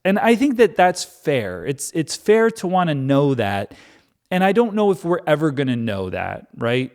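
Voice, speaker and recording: A man's voice: a little high, very animated, normal speed, a little mellow. A man reading the Bible aloud and commenting on it casually with a sarcastic, irreverent manner. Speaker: Bible reading channel host.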